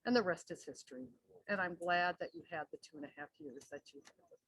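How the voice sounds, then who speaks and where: A woman's voice: on the low side, lively intonation, brisk, a bit bright, husky, no room sound, low-quality recording. A woman sharing a chatty story about her neighbor at a memorial gathering, laughing now and then as she talks. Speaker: neighbor of the deceased.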